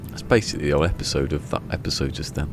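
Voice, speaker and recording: Very deep-voiced man rambling. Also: racing, music in the background. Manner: rambling, chuckling storyteller. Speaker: game streamer. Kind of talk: casual chat while gaming. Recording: steady rumble behind the voice.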